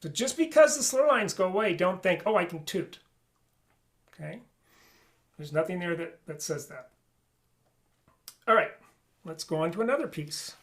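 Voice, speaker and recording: A man's voice: high voice, animated, moderate pace, long pauses, fairly bright tone. A man teaching an online flute lesson, explaining articulation and singing rhythms on syllables.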